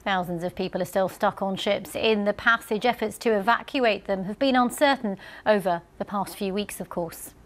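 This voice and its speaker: A woman's voice: mid-range voice, normal speed, hardly any pauses. Woman anchor reading the news.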